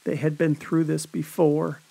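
A man's voice: a little high, little pitch movement, a little slow, creaky, mellow, breathy edge. A man narrating a horror story in a dramatic storytelling manner. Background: rain.

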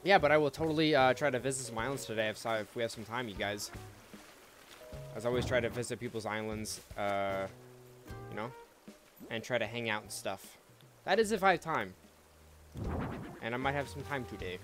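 A man's voice: mid-range voice, normal speed, pauses often, music in the background. A man giving casual, laid-back gameplay commentary, chatting to viewers and swearing freely. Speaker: let's play host.

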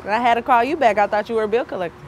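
A woman's voice: on the high side, very fast. Woman from St. Louis, aspiring rapper, casual short answers, light street noise behind. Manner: casual, brief answers, rhythmic freestyle delivery. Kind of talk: street interview with a freestyle rap.

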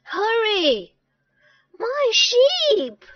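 A woman voicing a bored, lonely young shepherd boy who turns shrill and cheeky when he cries for help. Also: sing-song, drawn-out words, crowd noise, heavily acted. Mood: alarmed. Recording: dull lo-fi dry recording.

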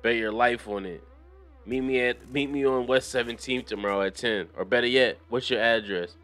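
A young man hosting a casual commentary show, reading news aloud with profane, animated riffs and frequent laughter. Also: mid-range voice, moderate pace. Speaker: commentary channel host.

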